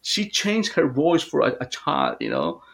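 A man's voice: fairly high pitch, wildly swooping pitch, measured pace, gravelly, fairly bright tone. Rambling man telling a story. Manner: rambling, with many fillers and restarts. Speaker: guest hypnotherapist. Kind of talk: casual storytelling in conversation.

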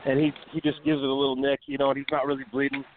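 Racing along in a medium-pitched, flat voice, a man hosting a wrestling radio show loosely recounts a lengthy backstage tale full of profanity and filler words. A faint hiss sits under the tinny phone sound.

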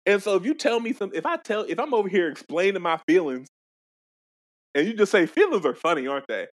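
A young man co-hosting a casual chat, animated and profane, laughing often. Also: sits high, a little fast. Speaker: podcast co-host.

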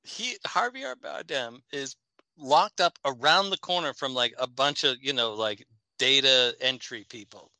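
A man's voice: medium pitch, lively intonation, a little slow, pushed and bright, dry recording, rough recording. A man talking casually about a film, rambling and amused, with lots of fillers.

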